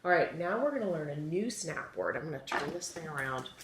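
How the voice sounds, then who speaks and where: A woman teaching a phonics lesson to young children, patient and encouraging, sounding out letters slowly. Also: low-pitched, lively intonation. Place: classroom with chalkboard. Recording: echoey room, faint ambient noise.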